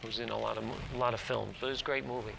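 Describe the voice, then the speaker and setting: A man's voice: medium pitch, fairly even intonation, very fast, creaky, noisy background. A man, a guest actor, chatting and telling stories in a TV studio interview, rambling with restarts. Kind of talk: casual interview storytelling.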